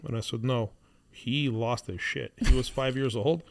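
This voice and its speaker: Man, 30s, podcast co-host. Reflective, halting, restarts often. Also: medium pitch. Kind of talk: casual chat.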